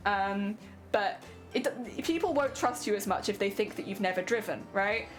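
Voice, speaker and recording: Chatty young woman, lively voice. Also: medium pitch, moderate pace, soft background music. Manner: chatty, laughs often, repeats words. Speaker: streamer. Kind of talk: casual chat while crafting.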